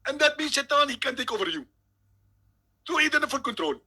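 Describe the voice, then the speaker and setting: A man's voice: very high-pitched, very animated, a little fast, sharp tone, pitched above the performer's own voice, heavily acted. A man voicing a smug, insistent male preacher on a call, talking emphatically and pompously. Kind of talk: comedic impression.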